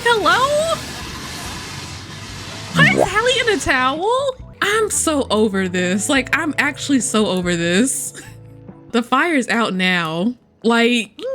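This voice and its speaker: Her voice runs a little high as this young woman chats through a relaxed gameplay commentary. She addresses viewers as y'all, laughs frequently, and bursts into thrilled squeals and playful frustration.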